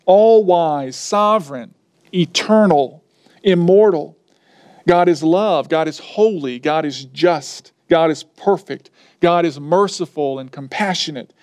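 A man's voice: a little high, darkish tone, no room sound, clean studio sound. A man preaching a sermon, stressing key points and repeating his lines for emphasis.

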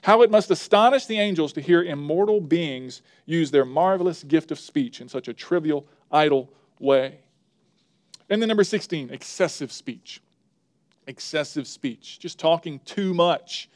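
Male preacher, slightly high voice, emphatic sermon delivery that builds through repetition. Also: unhurried. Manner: emphatic, builds up repeated phrases; talks to the slide operator mid-sermon.

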